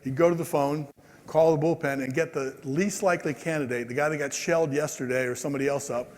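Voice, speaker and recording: A man in his sixties giving a conference speech, telling stories in a lively way and acting out the people in them. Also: a little high, fast. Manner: animated, acts out quoted people. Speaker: keynote speaker. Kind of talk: storytelling speech. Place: large convention hall. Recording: long hall reverb.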